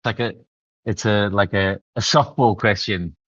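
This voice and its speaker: A man's voice: fairly low pitch, steady tone, unhurried, a bit bright, no room sound. A man hosting a conversational interview, asking curious follow-up questions. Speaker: podcast host. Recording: slightly dull, dry sound.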